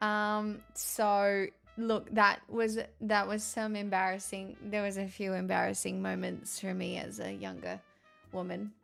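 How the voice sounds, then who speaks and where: A woman with a mid-range, creaky voice speaks in a level tone at a measured pace while soft music plays behind her. She's a live streamer reading chat, casually talking with viewers in a candid, rambling way, swearing and laughing often.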